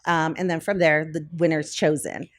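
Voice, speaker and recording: Brewery-owner guest, woman, fairly low voice, chatty and animated, lots of ums. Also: moderate pace. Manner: animated, acts out quoted conversations; frequent fillers like um and you know. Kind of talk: casual interview storytelling.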